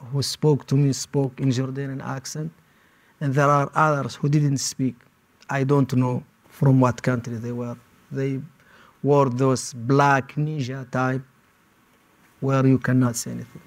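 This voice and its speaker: A man giving personal testimony as an interviewee, speaking in short, halting phrases. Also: mid-range voice, flat delivery. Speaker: interviewee recounting detention.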